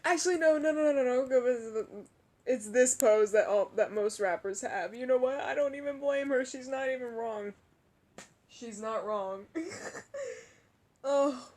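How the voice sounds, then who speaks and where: Hiccuping, breathless and with an aching chest, this young woman keeps laughing, gasping and sighing at length as she commentates on a game in roleplay. Her voice is high-pitched and a little mellow.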